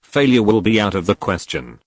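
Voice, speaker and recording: A nervous young villainess pleading anxiously, as a man reads her. Low voice, dry and close to the mic. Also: big pitch swings, moderate pace, breathy edge, no room sound.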